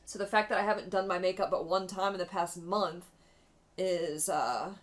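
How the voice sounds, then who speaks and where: A woman's voice: fairly low pitch, moderate pace. A young adult woman, talking casually and candidly while doing her makeup, swearing freely as she tells a story. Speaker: beauty vlogger. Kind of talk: chatty get-ready-with-me storytelling.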